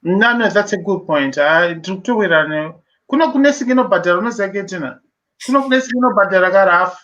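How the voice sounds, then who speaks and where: A man's voice: high-pitched, lively intonation, fast, bright, forceful tone, dull audio. A man with a Zimbabwean accent in a casual online chat, reflective and hesitant, with frequent fillers. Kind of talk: casual group discussion, mixing English and Shona.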